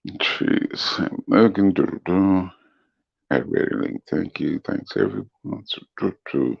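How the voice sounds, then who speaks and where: A middle-aged man with a remarkably low, smooth voice and a gravelly edge talks easily on a livestream, greeting commenters and chuckling. The stream audio is dull and lo-fi, with a dry, close sound. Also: lively intonation, slow, dry recording. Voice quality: very deep smooth voice. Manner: laid-back, chuckling, greets commenters by name. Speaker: livestream guest reading chat comments. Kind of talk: casual livestream chat.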